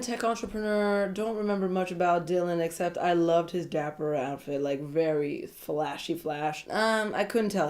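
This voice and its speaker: Giggly, gossipy woman recapping TV. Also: on the low side. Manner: animated, giggly, gossipy, often laughing. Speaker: reality show recap vlogger. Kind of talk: casual chatty TV recap.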